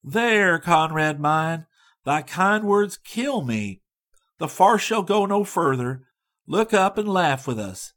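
A man voicing a playful, loving young woman in a storybook, bright and teasing. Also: fairly high pitch, expressive, measured pace, husky, full character voice. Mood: tender.

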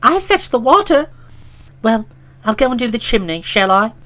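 A woman's voice: a little high, very animated, normal speed, fairly bright tone. Woman putting on a keen, pushy little scout boy. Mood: eager. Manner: earnest, persistent, cheerfully pushy. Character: eager meddlesome small boy scout. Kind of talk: audiobook character voice.

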